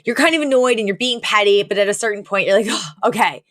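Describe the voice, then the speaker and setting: A woman's voice: medium pitch, racing, a bit bright, dry recording, clean studio sound. A woman co-hosting a podcast, chatting casually about a sitcom episode, with many "like" fillers and frequent laughter. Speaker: podcast co-host. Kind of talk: casual chat recapping a sitcom.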